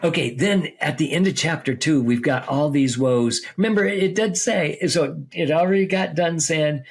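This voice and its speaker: A man's voice: on the high side, moderate pace, husky. A man on a podcast explaining a Bible book step by step, reading passages aloud and checking in with his listener. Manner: explains step by step, reads scripture aloud, checks with "okay?" and "right?". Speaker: seminary teacher on a podcast. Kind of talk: conversational Bible teaching.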